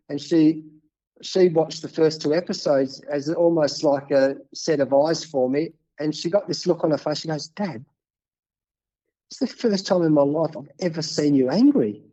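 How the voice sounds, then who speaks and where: In a muffled recording, a fifty-something Australian man who coaches cricket answers interview questions. He tells anecdotes casually and energetically, often doubling up on words, with a slightly high voice.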